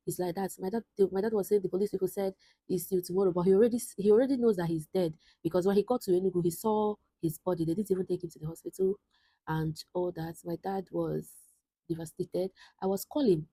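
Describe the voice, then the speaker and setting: A woman's voice: mid-range voice, fast, mellow, breathy edge, dry recording, poor audio. A woman in her twenties talking to camera in a vlog, telling a personal story in an earnest, reflective way that often halts and restarts. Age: 20s. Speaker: vlogger.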